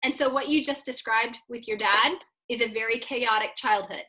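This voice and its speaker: A woman's voice: fairly high pitch, normal speed, bright, forceful tone, poor audio. A woman guest on a podcast interview, a coach for real estate agents, explaining her ideas in a confident teaching tone.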